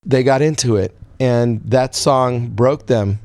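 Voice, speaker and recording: A man in his sixties telling a long story as an interview guest, acting out quoted lines in a higher voice. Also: takes it slowly, no room sound, clean studio sound. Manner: animated storyteller, acts out quotes in a high voice. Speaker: guest songwriter.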